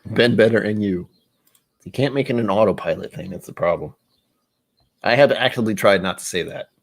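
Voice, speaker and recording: Young American male stream host, casual and rambling, slightly low voice, drifts into playful put-on voices. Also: brisk, creaky. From United States. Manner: rambling and self-interrupting, slipping into playful voices for quoted lines. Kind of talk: casual live-stream chat while tasting whiskey.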